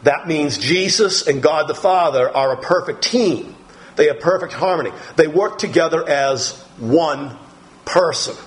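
A middle-aged man preaches a sermon, walking his listeners through scripture. His voice sits a little high, and his delivery is slow and deliberate, full of pauses and small fillers. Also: rough recording. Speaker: pastor.

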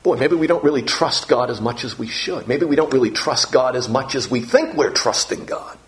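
A man's voice: mid-range voice, normal speed, fairly bright tone. A man preaching a morning sermon as pastor, earnest, repeating phrases and pushing his voice up on the key words.

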